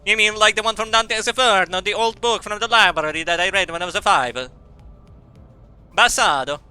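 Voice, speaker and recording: A man's voice: sits high, fast talker, bright, forceful tone, clean tone, faint music behind. A young man streaming a game, reading its dialogue aloud with stumbles and silly asides.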